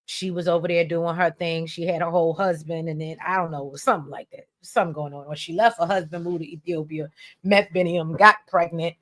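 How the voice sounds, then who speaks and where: Brief: woman gossip co-host, lower voice, animated and chatty. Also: fairly quick. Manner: chatty, animated, laughs often. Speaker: podcast co-host. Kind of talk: casual gossip chat.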